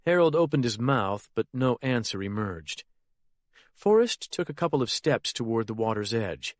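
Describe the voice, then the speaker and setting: A man reading a crime thriller in a steady, measured narration. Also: lowish voice, dry recording, clean studio sound. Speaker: audiobook narrator. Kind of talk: scripted narration.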